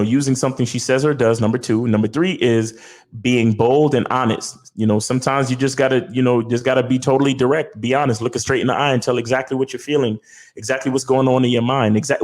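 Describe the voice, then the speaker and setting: A man's voice: mid-range voice, a little mellow. A man hosting a show, giving casual dating advice into a mic in a profane, repetitive way, often checking that the listener understands. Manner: profane, repetitive, keeps asking "you understand?". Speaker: host. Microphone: talking into a studio mic.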